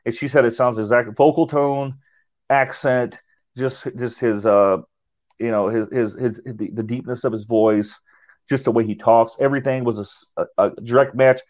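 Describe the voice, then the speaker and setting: A man of middle pitch tells a ghost-hunting story in a loose, rambling way. He often trips over his words and starts again. The audio sounds dull and lo-fi. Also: fairly even intonation, moderate pace, darkish tone. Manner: rambling, repeats and restarts words. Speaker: paranormal investigator. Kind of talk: casual storytelling.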